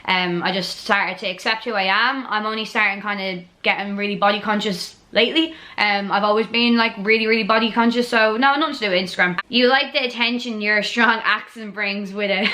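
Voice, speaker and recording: A woman's voice: mid-range voice, fairly even intonation, brisk, few pauses, pushed and bright. A young woman with a Dublin Irish accent in her twenties, chatting casually to camera, blunt and sweary, with lots of "like" and "um". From Ireland. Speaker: vlogger answering viewer assumptions.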